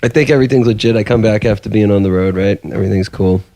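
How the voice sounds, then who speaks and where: A man's voice: fairly low pitch, quick pace, dark tone. Man in casual podcast chat, profane, accusing.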